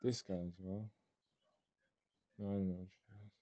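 A man's voice: low voice, fairly even intonation, normal speed, warm tone. A man with a non-native English accent running a clan's gaming voice chat, impatient and bossy, swearing at players to hurry up and join. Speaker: clan leader organizing a training match. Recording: dull lo-fi game voice chat.

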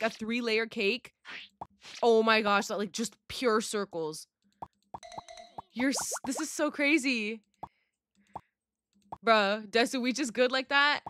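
A woman's voice: on the high side, a bit bright, a little hiss or hum. A young woman giving bubbly, dramatic, slangy commentary while playing a game, with sudden squeals. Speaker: gaming YouTuber. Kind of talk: casual gaming commentary.

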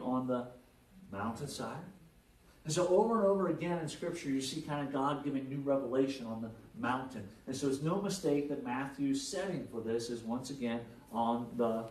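High-voiced man preaching in an echoey hall. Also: moderate pace. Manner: conversational preaching, frequent "right?" checks with the congregation; animated, jokes and acted-out quotes. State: jet lagged. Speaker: pastor. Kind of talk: sermon. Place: church hall with congregation. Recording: echoey hall, mic at a distance.

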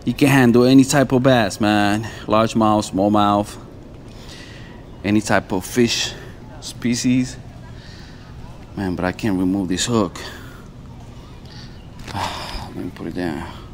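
Man, fishing vlogger, excitable and casual, unhurried delivery, lapel mic outdoors, faint traffic hum behind. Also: on the low side. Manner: excitable, keeps saying "man" and "bro". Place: outdoors by the water.

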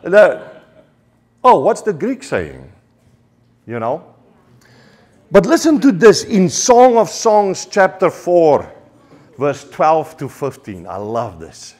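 Male preacher, South African accent, fervent and halting, slightly high voice. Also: big pitch swings, a little mellow. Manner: passionate, repetitive, with stammered restarts. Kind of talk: sermon.

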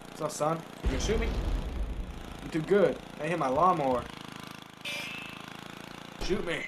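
A man giving casual, excitable commentary while playing a video game, jumping up in pitch whenever he survives. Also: background noise. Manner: excitable, yelps upward when surviving. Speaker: let's play gamer.

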